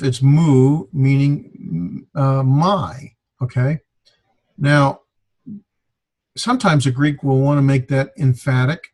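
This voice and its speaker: A man teaching a Greek grammar class, explaining in a halting way with many fillers. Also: medium pitch, darkish tone, slightly rough. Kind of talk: classroom lecture.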